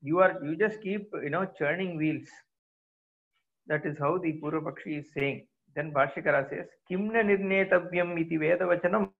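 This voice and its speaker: A man's voice: a little high, fairly even intonation, normal speed. A male teacher explaining a Sanskrit scripture line by line in plain English, often checking with his students. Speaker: Vedanta teacher. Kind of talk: scriptural commentary lecture. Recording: phone-like narrow sound.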